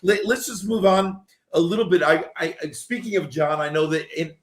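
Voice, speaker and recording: Rambling host in a roomy echo. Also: male voice, a little high, normal speed. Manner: rambling, restarting phrases. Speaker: podcast host. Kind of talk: casual interview conversation.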